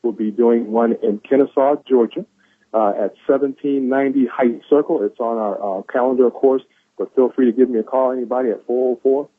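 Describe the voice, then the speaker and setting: Through a tinny phone line, a medium-pitched man talks a little fast with fairly even intonation and no echo. He shares quotes of the day on a conference call, offering an enthusiastic, preachy motivational talk and repeating lines for emphasis.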